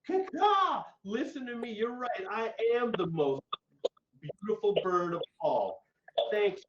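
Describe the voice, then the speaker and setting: A man squawking as a vain high-voiced crow. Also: sing-song, slow pace, a little hiss or hum, heavily acted. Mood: preening. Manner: squawking, boastful. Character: vain flattered female crow. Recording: dull echoey audio from far off.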